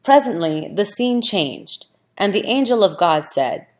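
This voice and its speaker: A woman narrating a scripture audiobook in a deliberate, measured reading. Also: medium pitch, big pitch swings. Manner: slow, deliberate, archaic phrasing.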